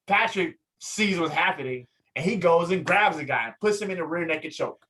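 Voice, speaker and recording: Animated, higher-voiced man telling a story. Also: normal speed, poor audio. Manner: lively, acts out quotes, swings pitch up in excitement. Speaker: guest, photographer and fighter. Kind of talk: animated storytelling in casual interview.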